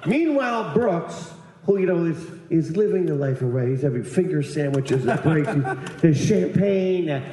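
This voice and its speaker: A man with a slightly high voice spins a crude, rambling comic story in casual chat. He keeps jumping into loud put-on voices for the people in it. The sound bounces around a very echoey room. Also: expressive, normal speed, few pauses, a little hiss or hum. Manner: rambling, profane, acts out other people's lines with big voice jumps.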